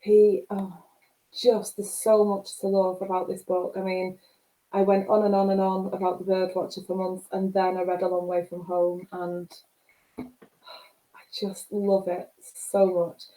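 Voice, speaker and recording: A woman's voice: mid-range voice, monotone, a little slow, dark tone. Gushing Mancunian woman, roomy echo. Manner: gushing, emotional, rambling. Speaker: book club host. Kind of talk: casual video chat.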